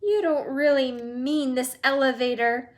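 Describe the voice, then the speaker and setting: A woman reading aloud and voicing an excitable old grandfather who shouts in high, panicky bursts. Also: a little slow. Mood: panicked. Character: excitable old grandfather, wiry and easily alarmed.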